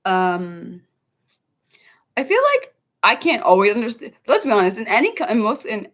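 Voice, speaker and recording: A young American woman hosts an unscripted livestream, rambling casually to her chat with many ums and restarts. Her voice is medium-pitched and a bit bright, with big pitch swings and a moderate pace.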